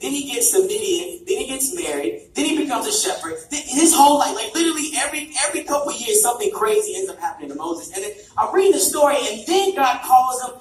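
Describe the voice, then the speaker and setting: A man preaching in an energetic storytelling way to a young crowd, restarting phrases and shouting for emphasis. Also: very high voice. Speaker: church youth preacher. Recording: echoey hall, distant mic, background noise.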